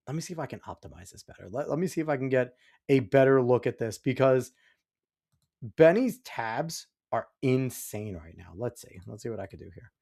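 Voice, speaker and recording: A man's voice: medium pitch, expressive, fairly quick, creaky, a little mellow. A man hosting a podcast livestream, reacting to a video clip in casual, rambling commentary and getting exasperated with his chat and the clip.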